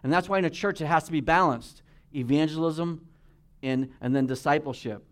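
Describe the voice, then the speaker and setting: A man preaching a sermon as pastor, reading King James scripture slowly, then breaking into emphatic, rising exhortations and quick asides. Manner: reads King James scripture in a slower, lower voice.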